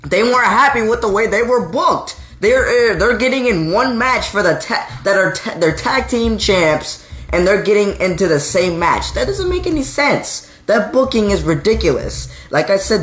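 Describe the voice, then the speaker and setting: A man's voice: sits high, fairly bright tone, roomy sound. A man co-hosting a casual live-stream chat, opinionated, laughing easily and sometimes stumbling over words. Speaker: podcast co-host.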